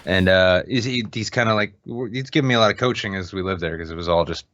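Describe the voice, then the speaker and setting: A man's voice: low voice, quick pace, fairly bright tone, no echo, lo-fi sound. A man co-hosting a podcast, chatting loosely and swearing as he rambles through stories. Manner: laid-back, swearing, rambling anecdotes. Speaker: podcast co-host. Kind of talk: casual chat.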